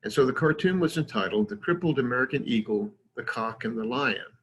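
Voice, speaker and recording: A man's voice: medium pitch, lively intonation, a little fast, husky, lo-fi sound. A man giving a conversational lecture with slides, digressive, with many fillers and self-deprecating asides.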